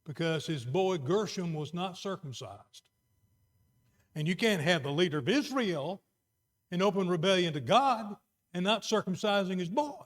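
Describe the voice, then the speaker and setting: A middle-aged man preaching a sermon, moving between quiet, earnest emphasis and raised exhortation. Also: high-pitched, expressive, normal speed.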